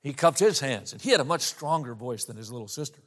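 A middle-aged man preaching, telling a personal story and slowing down to stress scripture lines. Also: mid-range voice, animated, fairly bright tone. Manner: storytelling, slows down for emphasis on scripture. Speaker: pastor.

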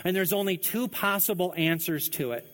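A man's voice: normal speed, a bit bright, low-quality recording. Earnest man preaching a sermon. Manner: earnest preaching, drops low on key phrases. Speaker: pastor.

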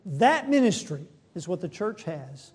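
A man preaches a sermon at a slow, deliberate pace, his voice sitting high yet soft and mellow in tone. He poses rhetorical questions to the congregation, rising sharply in pitch and force to drive a point home, then sinking back low and quiet. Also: big pitch swings, slightly rough. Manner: builds in pitch and loudness when pressing a point, then drops low and soft.

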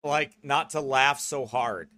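Forceful, rambling male broadcast host. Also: mid-range voice, slow, no room sound, studio quality. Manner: rambling, repeats "okay?" and "right?"; laughs often while talking.

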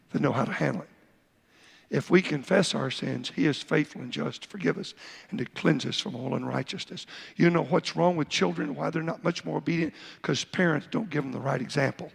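Gravelly high-voiced preacher in echoing church. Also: male voice. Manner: preaching with repeated asides and Bible reading. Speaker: pastor. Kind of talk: sermon. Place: church sanctuary.

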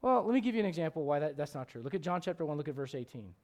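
A man preaching a sermon as pastor, swinging between loud emphatic questions and low, quiet asides. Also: sing-song, racing.

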